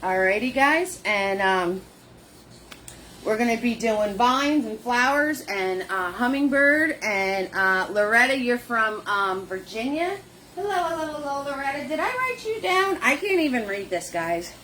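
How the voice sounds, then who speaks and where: A woman leading a live painting lesson, chatty and warm with viewers, greeting them by name in sing-song hellos. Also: on the high side, animated, a little slow, a little hiss or hum. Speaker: painting instructor.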